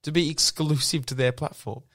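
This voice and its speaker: A man's voice: fairly high pitch, steady tone, moderate pace, fairly bright tone. A man co-hosting a podcast, teasing and laughing in casual chat. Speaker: podcast co-host.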